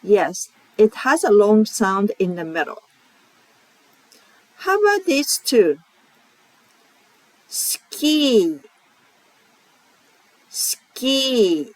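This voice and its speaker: A woman with a Japanese accent teaching pronunciation, repeating each example word slowly and carefully. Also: medium pitch, sing-song, a little mellow, dry recording, rough recording. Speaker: language teacher. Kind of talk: slow, clear pronunciation lesson.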